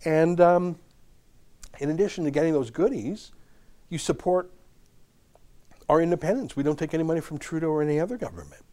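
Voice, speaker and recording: A man's voice: a little high, a little fast, long pauses, mellow, no echo. A man hosting his own podcast, delivering a political commentary monologue full of emphatic rhetorical questions. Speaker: podcast host.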